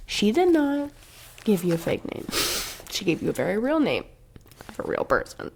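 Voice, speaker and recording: A woman's voice: mid-range voice, very animated, moderate pace, vocal fry, a little mellow, a little hiss or hum. A woman co-hosting a podcast, casually reviewing a book with a sarcastic, profane, laugh-filled manner. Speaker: podcast co-host.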